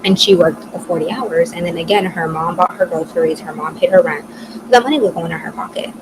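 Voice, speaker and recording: A lowish-voiced woman in her twenties speaks briskly as a podcast co-host, chatting loosely through a personal story with lots of "like" and free swearing. The recording carries noisy hiss.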